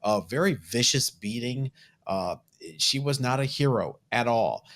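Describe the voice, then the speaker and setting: A man's voice: mid-range voice, lively intonation, unhurried, a bit bright. Wry male comic podcast host. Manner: wry, joking. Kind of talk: casual chat.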